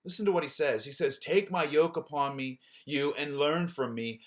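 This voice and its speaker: A male pastor giving an earnest sermon, often repeating words and dropping soft and low on key phrases. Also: moderate pace, few pauses.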